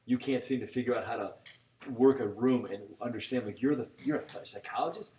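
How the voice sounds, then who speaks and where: Fast-talking profane man. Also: mid-range voice, mellow. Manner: rambling storyteller, profane, quotes people in dialogue. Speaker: podcast co-host. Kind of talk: casual chat. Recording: roomy echo, mic set back, faint noise.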